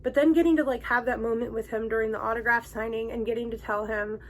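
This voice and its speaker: A young woman with a fairly high voice tells a fan story straight to the camera, excited and emotional, tripping over her words with fillers and restarts. Faint background noise sits under her voice. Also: fast talker. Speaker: vlog host. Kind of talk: casual personal storytelling to camera.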